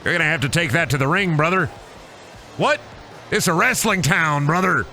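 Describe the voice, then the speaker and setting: A man's voice: on the low side, quick pace, fairly bright tone, faint music behind, close to an everyday voice. A man voicing a swaggering hillbilly gas station wrestler who drawls and calls everyone brother. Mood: boastful.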